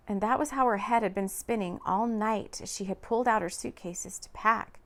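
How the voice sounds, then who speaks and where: A woman narrating a romance audiobook in an expressive, lively reading. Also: medium pitch, normal speed.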